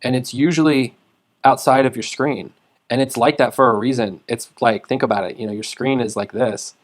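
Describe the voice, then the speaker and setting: A man giving a casual screen-share tutorial, rambling with lots of fillers and repeated words, sometimes dropping into quiet mumbles. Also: mid-range voice, steady tone, moderate pace. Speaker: trading tutorial host.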